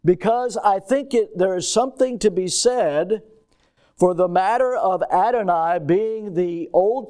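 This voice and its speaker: A man with a notably high voice delivers a teaching sermon. He reads old-fashioned scripture wording aloud, then explains it plainly and throws questions to his listeners. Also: dark tone. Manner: teacherly, asks the congregation questions. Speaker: pastor. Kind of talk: expository sermon.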